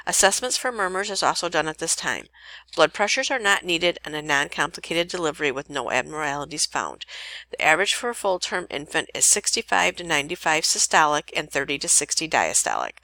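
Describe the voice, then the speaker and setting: A woman nursing instructor reading a lecture podcast in a steady way, now and then correcting herself mid-sentence. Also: low voice, fairly quick, no room sound.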